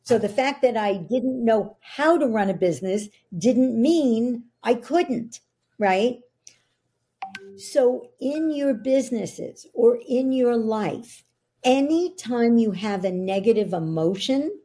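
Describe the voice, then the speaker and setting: A woman's voice: a little high, lively intonation, slow pace, warm tone. A middle-aged woman, a podcast guest, explaining ideas in an earnest coaching tone. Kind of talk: interview conversation.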